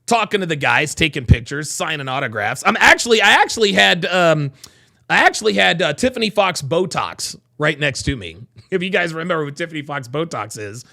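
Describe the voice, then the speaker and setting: A man hosting a casual livestream, reading chat and telling profane, animated stories. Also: a little high, fairly quick, gravelly.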